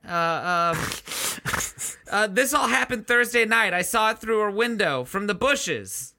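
A nervous, weaselly young man fumbles over every word, his voice pitched noticeably higher and brighter than a normal speaking voice, as a man puts him on. He stammers, hesitates and rambles through a creepy confession in a comic audio story. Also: full character voice. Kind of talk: comedic improvised storytelling.

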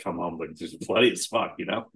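A man's voice: low-pitched, expressive, normal speed, a bit bright. A man co-hosting a podcast, chatting casually about a film, swearing freely and laughing often. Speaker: podcast co-host.

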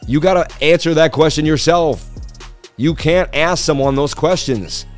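A man's voice: fairly high pitch, moderate pace, faint music behind. A man hosting a crypto chart livestream in a hyped, boastful way, talking straight to viewers, his voice slightly worn. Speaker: crypto market analysis livestream host. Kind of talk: casual livestream chart analysis.

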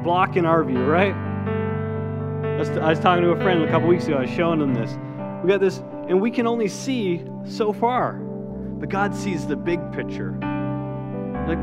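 A man's voice: sits high, big-room sound, dull audio. A man preaching a sermon in a conversational way, often repeating words and acting out quotes. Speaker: pastor. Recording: guitar music underneath.

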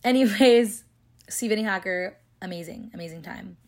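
Young woman, late teens to early twenties, vlogger, fast, chatty, filler-heavy delivery. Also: medium pitch. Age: young adult. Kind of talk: casual storytelling vlog.

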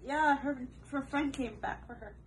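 A young woman cries and laughs at the same time, sounding emotional. Her voice is very high, and the secret clip has a lot of noise behind her. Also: moderate pace. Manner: laughing through tears, emotional. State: crying. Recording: noisy secret phone clip.

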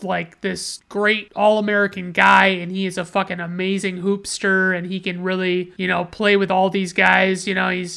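A woman's voice: mid-range voice, a bit bright. A woman hosting a casual movie review podcast, talking in a sarcastic, profane and exasperated way as she picks apart a film's plot. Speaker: podcast host reviewing films.

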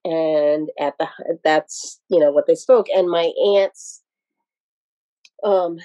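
Mellow-voiced woman telling rambling stories. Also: sits low, no room sound, poor audio. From Pennsylvania, USA. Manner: rambling, digressive, many restarts. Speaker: podcast guest. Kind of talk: casual interview storytelling.

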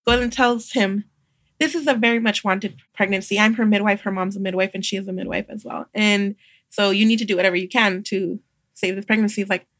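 A young adult woman, a midwife guest on a podcast, telling a personal story in a casual, animated way and acting out the voices of others. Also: medium pitch, brisk, no room sound, clean studio sound. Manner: animated, acts out quoted voices, laughs often.

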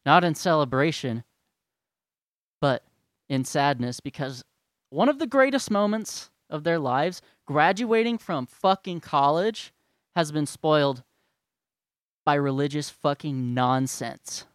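A man's voice: a little high, animated, takes it slowly, pauses often, clean tone, dry recording, studio quality. A young man ranting, heated, profane and sarcastic. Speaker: vlogger. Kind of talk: angry rant.

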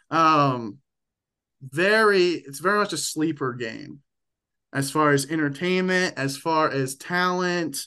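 Slow-talking man picking college football games. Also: a little high, pushed and bright, smooth. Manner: rambling, self-correcting, enthusiastic about picks. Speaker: podcast co-host. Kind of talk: casual sports chat.

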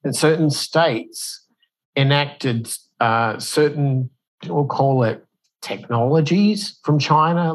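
A man, a guest in a conversation, explaining at length in a loose, animated way, with fillers and restarts, and acting out quotes in a raised voice. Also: on the high side, slow pace, rough recording. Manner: animated storyteller who acts out quotes in a raised voice.

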